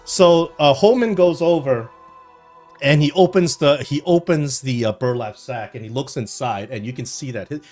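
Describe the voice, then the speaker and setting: A man's voice: medium pitch, moderate pace, darkish tone, faint music behind. A man narrating a tabletop game as game master, rambling through scenes with fillers and restarts.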